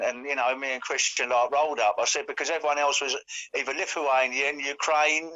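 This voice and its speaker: A man's voice: mid-range voice, fairly even intonation, brisk, pushed and bright. Rambling man, dull lo-fi sound. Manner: rambling, full of fillers. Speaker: co-host. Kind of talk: casual chat. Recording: dull lo-fi audio.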